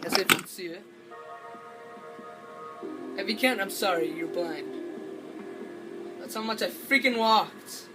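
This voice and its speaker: A man's voice: high-pitched, measured pace, pauses often, far from the mic, loud music behind the voice, low-quality recording. A man doing playful, rambling gameplay commentary for a video, talking to himself as he plays. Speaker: gaming video maker. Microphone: camera held by hand.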